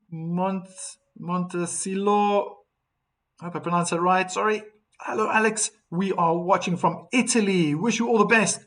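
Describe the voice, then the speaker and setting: Man, high voice, live tennis stream commentary, chatty, reads viewer shout-outs.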